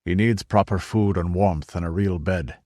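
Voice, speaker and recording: A man's voice: low-pitched, moderate pace, darkish tone, no echo, clean studio sound, natural voice. A man voicing a loyal male baron who speaks earnestly and courteously.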